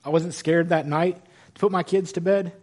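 Animated high-voiced preacher man. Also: normal speed. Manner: animated, conversational, self-deprecating humor. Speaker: pastor. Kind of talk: sermon.

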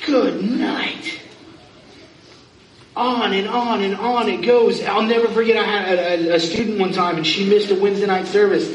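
Male pastor, high voice, conversational sermon, echoey church from far off. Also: level tone, a little fast, few pauses, crowd noise. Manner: conversational preaching with questions to the congregation. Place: church sanctuary.

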